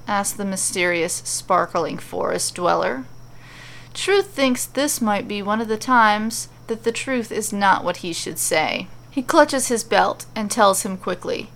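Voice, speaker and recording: A woman narrating a storybook tale, reading in an animated, playful way. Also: medium pitch, unhurried, vocal fry.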